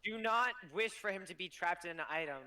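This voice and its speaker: A man's voice: high-pitched, brisk, sharp tone, clean tone. A man playing a tabletop game, insistently pressing his group to follow his plan. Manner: insistent and persuasive. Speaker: player. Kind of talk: casual tabletop play.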